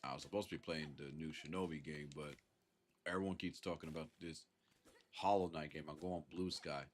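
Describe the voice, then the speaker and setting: Speaking a little fast with fairly even intonation, a Southern US man with an extremely low voice chats on a casual live stream. He's congested from a sinus infection but relaxed, often chuckling and thanking chatters.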